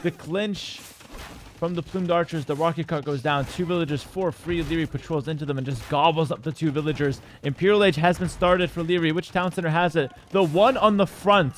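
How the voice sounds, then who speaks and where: A man casting a strategy game tournament live, casual and opinionated, breaking into excited shouts at big plays. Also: high-pitched, fairly quick, slight background noise. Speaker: esports caster.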